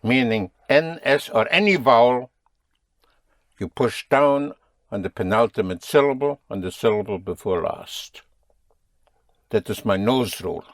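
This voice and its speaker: A man's voice: mid-range voice, lively intonation, unhurried, long pauses, no room sound. Man teaching a language lesson. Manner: patient, drilling students with questions.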